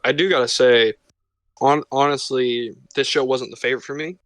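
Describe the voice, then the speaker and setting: A man's voice: medium pitch, fairly even intonation, moderate pace, fairly bright tone, no room sound. A young man co-hosting a podcast, rambling casually and restarting his sentences. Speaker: podcast co-host. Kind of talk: casual chat.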